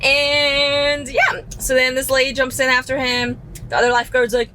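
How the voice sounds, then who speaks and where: A woman co-hosting a podcast recorded inside a car, telling a funny story with animated delivery and frequent laughter. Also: sits high, moderate pace, a little hiss or hum. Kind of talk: casual chat.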